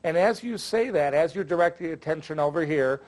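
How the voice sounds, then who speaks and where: An older man talks through magic tricks in a loose, conversational way, full of jokes and filler words. His voice sits a little high for a man. He sounds like a veteran teaching fellow performers. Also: lively intonation, a little fast, darkish tone. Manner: chatty, jokey, with filler words. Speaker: magic instructor. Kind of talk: casual instructional talk.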